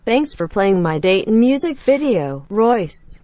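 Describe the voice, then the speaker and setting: A woman reading out viewer chat messages in an even, flat delivery. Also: mid-range voice, measured pace.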